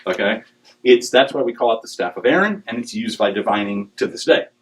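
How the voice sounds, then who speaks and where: Animated middle-aged man giving a joking talk. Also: medium pitch, fairly quick, rough recording. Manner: animated and joking, with digressions and acted quotes. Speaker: speaker on dowsing. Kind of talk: humorous talk to a live audience.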